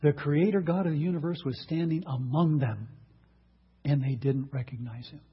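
A man's voice: medium pitch, normal speed, breathy edge, lo-fi sound. A man preaching a sermon, emphatic, asking the congregation rhetorical questions.

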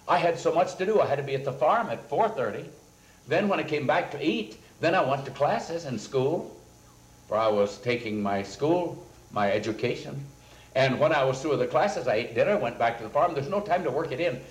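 A man speaking as a pastor, telling earnest anecdotes and quoting people as he goes. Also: mid-range voice. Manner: earnest anecdotal storytelling, quotes people in a raised voice. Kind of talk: storytelling sermon talk. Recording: roomy echoing recording.

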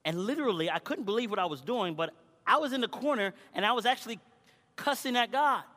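A male preacher delivering a sermon, moving between loud exhortation and quiet personal storytelling. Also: sits high, expressive, quick pace. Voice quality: swings from shouting to quiet storytelling. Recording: long hall reverb.

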